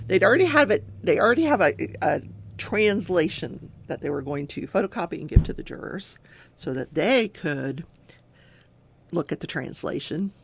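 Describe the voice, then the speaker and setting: An older woman with a low, gravelly voice that swings widely in pitch hosts a casual crafting talk show at normal speed, with slight background noise. A chatty storyteller, she recaps a trial and acts out the quotes along the way.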